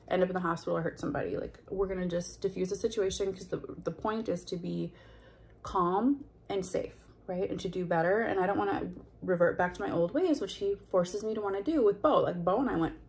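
A woman's voice: mid-range voice, creaky. A woman telling a personal story in a confessional vlog, candid and heated, full of fillers and blunt swearing. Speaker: vlogger.

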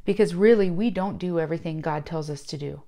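A woman teaching from the Bible in a relaxed, conversational sermon. She speaks with emphasis and slows right down for the scripture passages she reads out. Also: lowish voice, vocal fry.

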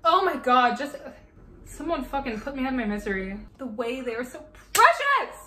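A young woman hosting a casual reaction video, excitable and gushing, swearing freely and breaking into squeals. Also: sits high, normal speed. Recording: echoey room with faint noise.

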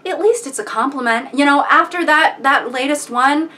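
A woman hosting comedic commentary, animated and mock-outraged. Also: high-pitched, moderate pace. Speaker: video host.

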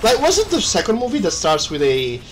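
A young man co-hosting a let's play, talking casually with lots of swearing and quick laughs. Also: high-pitched, heavy background noise. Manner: swearing, animated, laughs often. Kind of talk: casual gaming chat.

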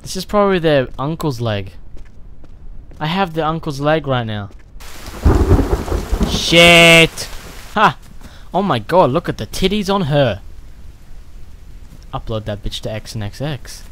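A man giving loud, excitable, profane let's-play commentary while playing a survival horror game. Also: fairly high pitch, measured pace, pauses often. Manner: excitable, profane, yelling reactions. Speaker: gaming channel host.

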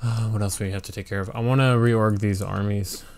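A man's voice: lowish voice, fairly even intonation, brisk, a little mellow. A man hosting a let's play, giving casual strategy game commentary and thinking aloud with fillers and restarts.

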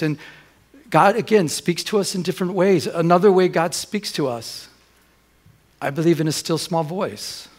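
A man preaching a sermon as pastor, putting questions to the congregation and moving between loud and hushed delivery. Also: medium pitch, animated, normal speed, husky. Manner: asks the congregation rhetorical questions. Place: church during a Sunday service.

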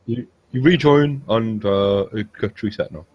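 A man's voice: on the low side, unhurried, breathy edge, no room sound, lo-fi sound. A man narrating as game master of a tabletop game, laughing often and stammering as he voices characters.

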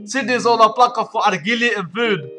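A man's voice: sits high, fairly quick, bright, forceful tone, soft background music. A man voicing a boastful young street tough with a put-on Arabic-accented English accent, rapping crudely in a comic parody. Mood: swaggering. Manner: swaggering, brash, crude. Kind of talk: comic parody rap over guitar.

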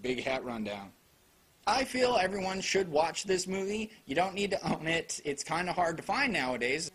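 A man's voice: high-pitched, moderate pace, breathy edge. A man giving a casual, sarcastic anime review, full of swearing and jokes. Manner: sarcastic, profane, joking; animated.

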